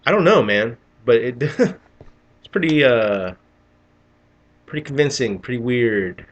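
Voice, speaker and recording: A man's voice: mid-range voice, expressive, slow pace, lo-fi sound. A middle-aged man telling a rambling, profane story in a casual vlog, often restarting his sentences. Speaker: vlogger.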